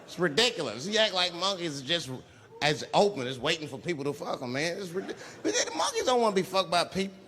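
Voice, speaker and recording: A man doing a stand-up comedy routine, telling a story in an animated way and acting out characters with shouts. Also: sits high, quick pace. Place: comedy stage before an audience. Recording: live stand-up set with noisy room and audience ambience.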